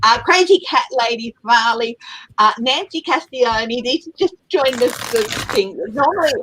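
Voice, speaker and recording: A woman's voice: on the high side, animated, normal speed, bright, forceful tone, slight background noise, low-quality recording. A woman from Australia with an Australian accent, hosting a casual tarot livestream over a video call, chatty and laughing often. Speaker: tarot channel host.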